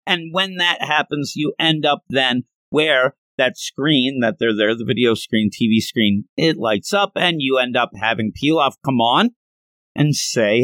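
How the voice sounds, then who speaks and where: A man hosting a podcast, chatting through a comic chapter in an amused, animated way. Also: mid-range voice, measured pace, no echo. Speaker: podcast host. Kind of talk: manga reading and commentary.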